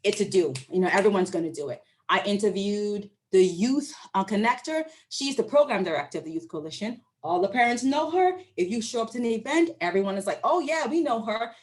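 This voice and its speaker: A woman's voice: mid-range voice, animated, a little fast, hardly any pauses, a little mellow. A woman researcher gives an academic presentation to an online audience. She speaks conversationally, poses questions to her listeners and often checks in with them. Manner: acts out her interviewees' voices when quoting them. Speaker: university researcher presenting findings.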